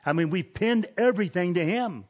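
A preacher putting on a dismayed disciple, a man who has given up everything and now pleads, earnest and worked up. The voice lifts a little above the preacher's everyday pitch. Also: expressive, a little fast, darkish tone. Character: troubled male disciple speaking for the group.

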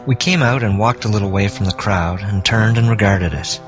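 A man reading a classic story aloud as an audiobook narrator, in a measured storytelling manner. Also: lowish voice, music in the background. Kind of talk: scripted narration.

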